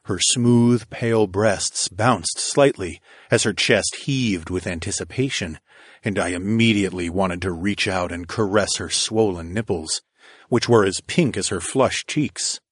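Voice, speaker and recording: Deep, husky male audiobook narrator. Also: no room sound, clean studio sound. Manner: slow, intimate, steady storytelling. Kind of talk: first-person erotic audiobook narration.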